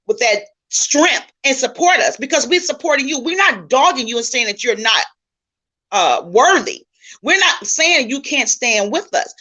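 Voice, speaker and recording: A woman talks earnestly, often restarting as she searches for words. Her voice is bright and a little high. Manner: affirming, earnest, with frequent restarts. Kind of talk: casual talk.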